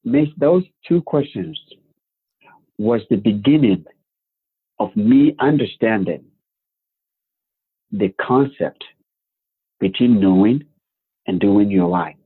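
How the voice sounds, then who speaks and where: A man telling his life story as a guest, animated, with rhetorical questions and acted-out quotes. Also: on the low side, slow pace, pauses often, husky. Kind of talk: personal storytelling. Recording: phone-like narrow band.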